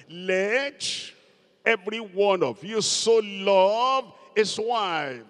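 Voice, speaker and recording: A man's voice: high-pitched, animated, extremely slow, fairly bright tone, clean tone. A man preaching a sermon as pastor, emphatic and repeating key words for stress. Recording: long hall reverb.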